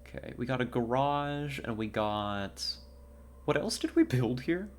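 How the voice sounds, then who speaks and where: A male livestreamer chatting his way through a strategy game in an unhurried, drawn-out way. His voice sits at an everyday middle pitch, and he laughs often at his own remarks. A faint background noise runs under the desk-mic sound. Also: very animated. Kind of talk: casual gameplay chat while streaming.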